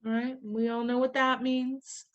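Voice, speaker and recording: A woman's voice: a little high, flat delivery, a little slow, muffled recording. A woman teaching a class in a playful way, firing questions at her students and tossing in jokey asides. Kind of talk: classroom lecture.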